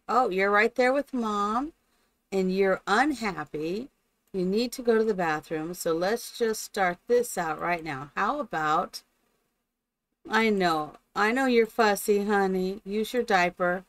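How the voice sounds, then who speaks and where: Female streamer, chatty, coos at her game characters, measured pace. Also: lowish voice, poor audio. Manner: opens with a spoken blessing. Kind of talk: live gameplay commentary.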